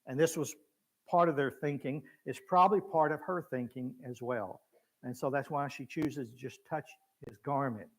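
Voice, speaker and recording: A man's voice: mid-range voice, normal speed. A man preaching in a church, teaching conversationally and acting out the voices of people in the story. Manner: acts out biblical voices with lively shifts, chuckles. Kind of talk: conversational Bible class teaching.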